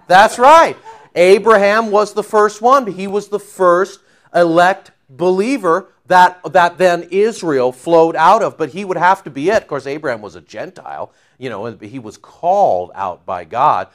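A man preaching a Bible study, animated and joking, acting out voices in quotes. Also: high voice, measured pace. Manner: animated, jokey, acts out quotes. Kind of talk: Bible teaching.

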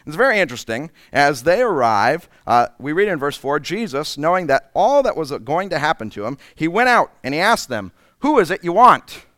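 A male preacher delivers a sermon with dramatic swings, rising to loud emphasis and sinking to near-whispers. His voice is smooth and resonant, a bit high for a man, and recorded close and dry. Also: very animated, a little fast, few pauses, dry recording.

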